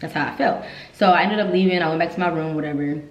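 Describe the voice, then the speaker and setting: A woman recounts her own story in a candid, heartfelt rush. Her voice sits on the low side and the room around her rings with echo. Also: quick pace. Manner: emotional, candid, repeats herself when upset. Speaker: vlogger telling her army story. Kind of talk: casual storytelling vlog. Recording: echoey room.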